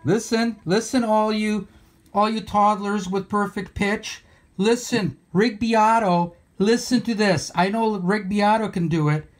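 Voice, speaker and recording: A man's voice: sits high, fairly even intonation, a little slow. Sarcastic man ranting to his camera. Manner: sarcastic, mock-bitter rants. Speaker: guitar builder. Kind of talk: sarcastic workshop vlog. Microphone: handheld camera mic.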